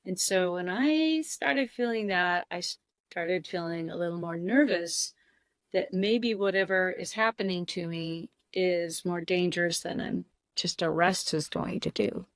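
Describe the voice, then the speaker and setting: Woman podcast guest, teary, heartfelt personal story, unhurried and halting, mid-pitched, dry close sound. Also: dry recording. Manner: halting and heartfelt, with many pauses and restarts. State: tearing up.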